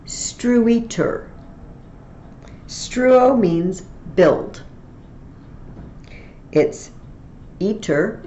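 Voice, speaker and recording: A woman with a fairly low voice teaches a Latin tutorial in a slow, patient, step-by-step way. Her voice sits in a roomy space with faint ambient noise, and the recording sounds a little muffled. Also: warm tone.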